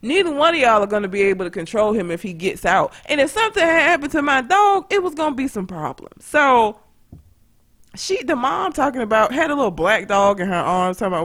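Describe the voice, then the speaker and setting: A woman chatting on a podcast. She tells a story in an animated, profane way and laughs often. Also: on the high side, fairly quick. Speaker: podcast co-host. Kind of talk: casual chat, storytelling.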